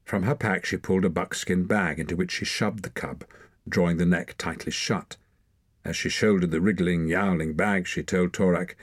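A man narrating an adventure audiobook in a measured, expressive storytelling voice. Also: sits low, slightly rough, dry recording, studio quality. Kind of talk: scripted narration.

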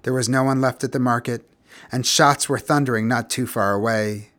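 Measured male audiobook narrator. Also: mid-range voice. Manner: measured, expressive, grows quiet and somber. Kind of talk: scripted literary narration.

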